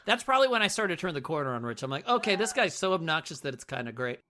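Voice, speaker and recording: A man's voice: on the high side, big pitch swings, very fast, bright, forceful tone. A man co-hosting a podcast, chatting casually and jokily about a movie, rambling and swearing freely. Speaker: podcast co-host.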